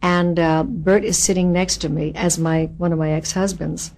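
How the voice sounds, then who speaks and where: A woman being interviewed as an actress, telling anecdotes in an animated, expressive way and acting out the quotes. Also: lowish voice, normal speed, vocal fry. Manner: animated, expressive storyteller who acts out quotes.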